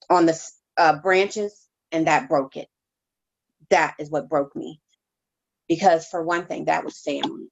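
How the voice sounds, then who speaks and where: A woman reverend shares her testimony as an interview guest, her voice gravelly and a touch low. She speaks in a halting, heartfelt way, often restarting her sentences. The recording is dull and lo-fi. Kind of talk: emotional personal testimony.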